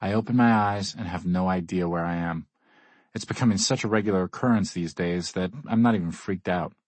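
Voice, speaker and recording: A man's voice: sits low, brisk, darkish tone, no echo. A man reading a first-person audiobook in a wry, dry way. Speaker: audiobook narrator. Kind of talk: scripted first-person narration.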